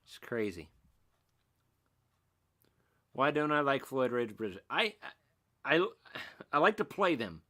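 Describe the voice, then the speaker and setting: A man's voice: mid-range voice, sing-song, takes it slowly, pauses often, sharp tone. Rambling middle-aged man chatting on a livestream. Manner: rambling, self-mocking, reads and answers chat comments. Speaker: livestream host. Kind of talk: casual livestream chat.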